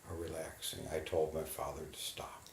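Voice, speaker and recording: A man in a guided imagery therapy session, slowly and haltingly describing what he feels in his body. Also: extremely low pitch, little pitch movement, creaky, echoey room, a little hiss or hum. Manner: slow, halting, inward reporting of body sensations. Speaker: therapy client.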